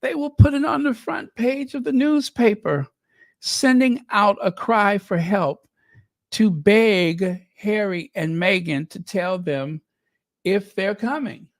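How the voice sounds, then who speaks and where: A man's voice: sits high, takes it slowly, dry recording. A man hosting a commentary channel, talking casually in a sarcastic, mocking way and rambling with many fillers and restarts.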